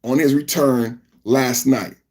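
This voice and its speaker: A man hosting a podcast, reacting to a clip with indignant, repetitive commentary that rises to shouting. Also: medium pitch, steady tone, slow pace, a little hiss or hum. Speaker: podcast host.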